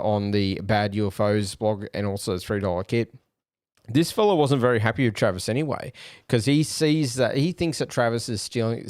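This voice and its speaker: Australian male podcast host, low-ish smooth tone, dry close sound, unhurried and hesitant. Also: darkish tone, dry recording. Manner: hesitant, many fillers, musing aloud. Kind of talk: casual solo commentary.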